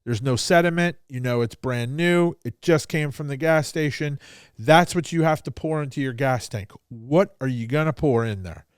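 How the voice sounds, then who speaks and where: A man's voice: mid-range voice, normal speed, smooth, no room sound, clean studio sound. A man hosting a podcast who tells stories casually and bluntly, swearing freely and acting out both sides of a conversation. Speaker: podcast host.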